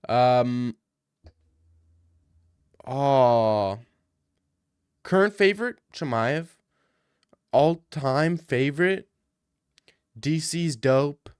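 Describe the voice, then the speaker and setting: A man's voice: medium pitch, lively intonation, extremely slow, long pauses, darkish tone, clear, resonant tone, dry recording, studio quality. A man on a stream casually answering viewer questions, joking and ranting in mock outrage.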